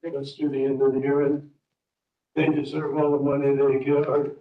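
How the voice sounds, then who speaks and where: A man's voice: mid-range voice, monotone, moderate pace. A man from a county department matter-of-factly presenting overtime numbers at a council meeting. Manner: matter-of-fact. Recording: dull echoey room, distant mic.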